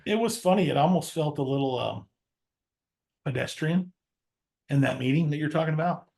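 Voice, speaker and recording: A man who leads an insurance agency, speaking as a guest in a relaxed podcast chat with stammering restarts. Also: a little high, normal speed, creaky. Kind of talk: casual podcast conversation.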